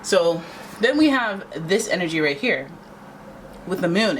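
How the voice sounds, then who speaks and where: A woman's voice: a little slow, slight background noise. A woman giving a casual tarot reading to camera, chatty and playful, often jumping into asides and making her voice jump up on exclamations. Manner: animated, pitch often jumps up on exclamations. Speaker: tarot reader.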